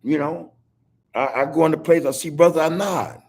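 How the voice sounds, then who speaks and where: A man's voice: a little high, expressive, a little fast, a little mellow, husky. A middle-aged man hosting a podcast over a video call, talking in a loose, repetitive street style and saying "man" constantly. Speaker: podcast host. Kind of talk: casual heartfelt talk on a video call.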